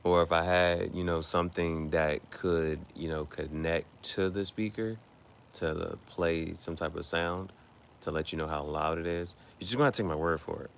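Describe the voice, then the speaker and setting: A man with a low, deep voice talks to the camera in a loose, rambling way. He circles back over the same phrases and tosses in bits of other languages as he goes. There is a faint hum of noise behind him. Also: fairly even intonation, normal speed, gravelly. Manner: rambling, repeats himself, drops in foreign words. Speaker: podcast host. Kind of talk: casual rambling monologue.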